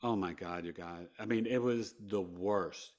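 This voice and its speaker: A man from New York, a podcast guest, telling a personal story with big swings between hushed and loud delivery. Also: low-pitched, measured pace.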